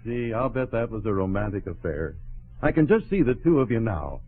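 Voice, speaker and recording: A jaunty wisecracking pal. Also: male voice, fairly low pitch, sing-song, a little fast, slightly rough. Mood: teasing. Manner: jaunty, teasing, storytelling. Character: wisecracking friend, jaunty and playful. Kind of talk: 1940s radio sitcom acting. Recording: tinny old radio broadcast, faint audience.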